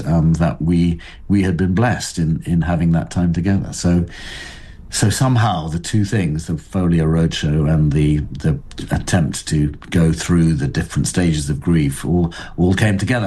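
An older man speaking as an interview guest, thoughtful and halting, with frequent restarts. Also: low-pitched, warm tone, slightly rough. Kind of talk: reflective interview talk.

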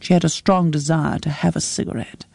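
A woman narrating a story in a measured, close storytelling read. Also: sits low, steady tone, gravelly, a little mellow, no room sound. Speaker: audiobook narrator. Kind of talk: scripted narration.

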